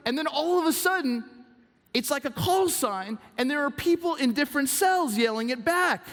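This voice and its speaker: High-voiced male preacher in an echoing hall. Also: normal speed. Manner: animated storytelling, swinging from hushed to exclaiming. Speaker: pastor. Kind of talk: sermon. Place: church auditorium. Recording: reverb from a large hall.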